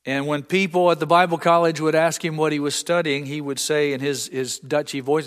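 A man's voice: fairly high pitch, flat delivery, brisk, few pauses, fairly bright tone, clean tone, big-room sound. A man preaching a sermon, telling stories earnestly and acting out the voices of people in them. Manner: earnest storytelling, acts out voices. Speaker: pastor.

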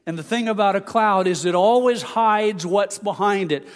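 A pastor giving a sermon, explaining scripture and reading passages aloud. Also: male voice, sits high, normal speed, in a large hall. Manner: expository preaching, reads scripture aloud.

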